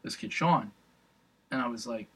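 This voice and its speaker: A man's voice: mid-range voice, moderate pace, a bit bright, husky, poor audio. A young man telling a rambling, profane story in casual chat, full of fillers and restarts.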